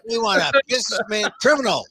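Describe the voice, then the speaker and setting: A man's voice: high-pitched, sing-song, quick pace, a loud crowd. A man hosting a casual political chat, talking in an emphatic way and often repeating his phrases. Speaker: host.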